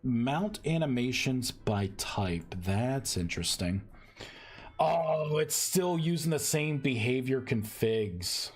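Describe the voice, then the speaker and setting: A man streaming live as he codes a game mod, thinking aloud in a halting way and often repeating words. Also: mid-range voice, lively intonation, breathy edge, soft background music. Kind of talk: live-stream coding commentary.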